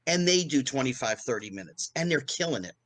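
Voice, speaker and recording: A middle-aged man, a podcast guest, telling anecdotes in a lively way and acting out the voices of people he quotes. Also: mid-range voice, a little fast, rough recording. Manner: animated, acts out quoted voices. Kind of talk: anecdotal storytelling.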